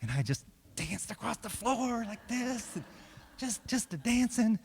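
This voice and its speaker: A man's voice: high voice, a little slow, slight background noise. Middle-aged chaplain guy telling funny stories, laughs a lot, big hall echo. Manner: lively storyteller, acts out quotes and laughs often. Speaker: chaplain speaking at a church. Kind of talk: humorous storytelling talk to a congregation. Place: large church hall. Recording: long hall reverb.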